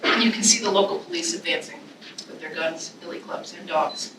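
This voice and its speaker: A woman's voice: fairly low pitch, brisk, slight background noise. A woman college English instructor giving a classroom presentation, chatting in asides and reading a poem aloud with feeling. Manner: expressive, emotional, chatty asides with fillers. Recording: echoey room from a distance.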